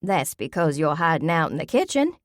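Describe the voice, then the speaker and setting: Bossy elderly grandmother, brisk and commanding, low voice, read by a woman narrator. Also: very animated, no echo, clean studio sound.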